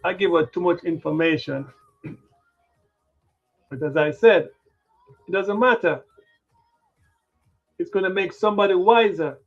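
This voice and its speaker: Gravelly high-pitched man muttering over stocks. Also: a little slow, pauses often. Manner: muttering to himself while setting up the screen; breaks into loud playful bursts. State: yawning, tired. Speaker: livestream stock trading host. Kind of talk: rambling livestream chatter. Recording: dull lo-fi sound with faint music.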